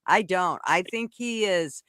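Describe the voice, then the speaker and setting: A woman's voice: lowish voice, a little slow, a bit bright, smooth, no echo. A woman co-hosting a casual political chat show, blunt and heavily profane. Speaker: co-host of a live talk show.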